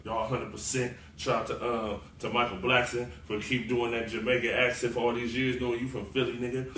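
A man co-hosting a podcast, talking football in a loose, animated, profane way and laughing often. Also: mid-range voice, normal speed. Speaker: podcast co-host. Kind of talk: casual sports chat. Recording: roomy, far from the mic, faint noise.

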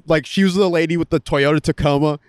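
A man's voice: a little high, steady tone, fast talker, smooth, no echo, clean studio sound. A young man, co-hosting a podcast in casual, profane, rambling chat and laughing often. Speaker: podcast co-host.

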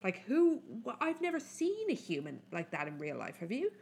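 A woman co-hosting a podcast, talking in a blunt, animated way and swearing freely. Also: a little high, normal speed, gravelly, breathy edge. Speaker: podcast co-host. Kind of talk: casual chat.

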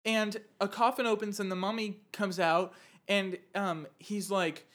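Podcast co-host, woman, casual storyteller, lively and loose. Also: mid-range voice, unhurried. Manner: animated storytelling, laughing, swearing. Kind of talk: casual chat.

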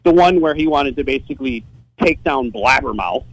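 A site owner joins a podcast from his home office, telling a story casually and energetically with frequent swearing and laughs along the way. His voice is medium-pitched at a normal pace, and the recording sounds rough.

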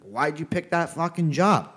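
A man's voice: on the high side, expressive, normal speed, fairly bright tone, slightly rough. A man co-hosting a casual podcast chat, complaining bluntly and cursing often.

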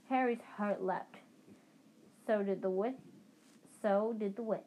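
A woman narrating a fantasy storybook with a steady reading pace and the odd restart. Her voice sits at a plain middle pitch. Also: measured pace, pauses often, low-quality recording. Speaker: audiobook reader.

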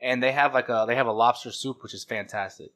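Rambling, hesitant man with a bright voice. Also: medium pitch, steady tone, fast. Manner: rambling, hesitant, full of restarts and fillers. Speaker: podcast co-host. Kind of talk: casual podcast banter.

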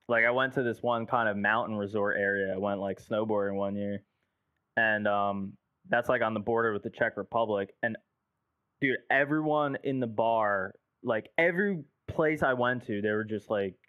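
A man's voice: lowish voice, a little slow, dry recording. A man from the United States rambles through stories in casual podcast talk, leaning on "like" and dropping swear words. His voice comes through a muffled, lo-fi channel with no room sound at all. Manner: loose storytelling, heavy filler "like", swears casually. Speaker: guest producer. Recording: dull lo-fi dry sound.

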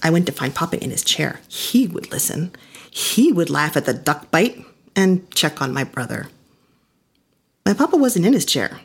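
A woman's voice: low voice, big pitch swings, normal speed, breathy edge. A woman giving a reflective first-person storytelling performance with an intimate, personal delivery.

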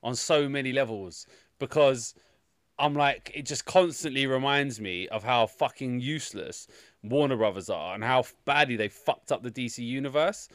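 A man's voice: mid-range voice, moderate pace, a bit bright, no echo. A man co-hosting a podcast in casual chat, rambling with many restarts and crude jokes. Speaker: podcast co-host.

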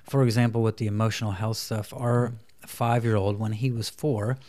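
A man in his thirties, a parenting coach, chatting in an interview and softly acting out talks between parents and children. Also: on the low side, flat delivery, moderate pace. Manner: acts out parent and child dialogue in a soft voice. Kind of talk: casual interview chat.

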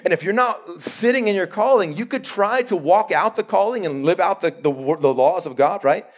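Emphatic pastor preaching a live sermon. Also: male voice, high voice, animated, normal speed.

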